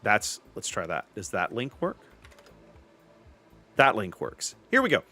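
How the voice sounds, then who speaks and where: A man's voice: on the low side, wildly swooping pitch, a little slow, bright, forceful tone, faint music behind. Guy streaming a game and chatting, rambly, keeps cutting himself off. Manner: rambling, self-interrupting, chatty asides. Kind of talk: casual gameplay commentary with chat.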